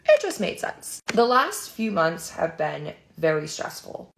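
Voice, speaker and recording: Gravelly-voiced young woman telling her story. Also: fairly low pitch, very animated, unhurried, slight background noise. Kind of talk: story time narration.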